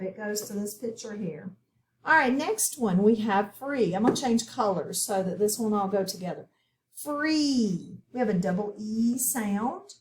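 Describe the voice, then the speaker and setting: A woman teaching a phonics lesson, talking slowly and clearly as she spells out sounds. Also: on the high side, slight background noise. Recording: echoey room.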